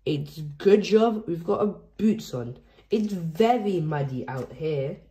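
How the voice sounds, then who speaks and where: A woman's voice: lowish voice, expressive, slow pace, warm tone. A woman doing a cheerful old granny pig. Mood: encouraging. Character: cheerful helpful grandmother pig. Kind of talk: storybook read-aloud.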